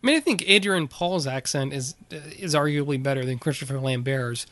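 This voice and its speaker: A man co-hosting a podcast, chatting casually about a movie and recapping its plot in a halting way, with plenty of fillers. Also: medium pitch, a bit bright, no room sound. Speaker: podcast co-host. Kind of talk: casual movie review chat.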